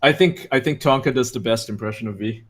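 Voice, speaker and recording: A man's voice: mid-range voice, quick pace, fairly bright tone. A man in casual chat, ranting and swearing heavily. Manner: profane, ranting.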